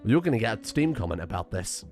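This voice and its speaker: A man's voice: on the low side, big pitch swings, quick pace, a little mellow, soft background music. A man doing video game commentary, rambling and exasperated, talking nonstop. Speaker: let's play host.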